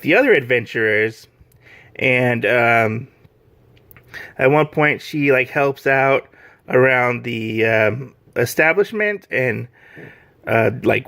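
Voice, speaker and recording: A man's voice: medium pitch, creaky, fairly bright tone, no echo. Rambling man gushing in a dry room. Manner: rambling, heavy use of "like" and "um"; enthusiastic, gushing. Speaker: manga reviewer. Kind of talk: casual video review.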